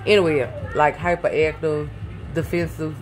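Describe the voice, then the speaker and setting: Talking into a phone held close in her home garage, a woman vlogs casually to camera with faint music behind her. Her voice is low and level at a moderate pace, and she rambles, swears, gets sidetracked easily, and calls her viewers "baby" and "y'all."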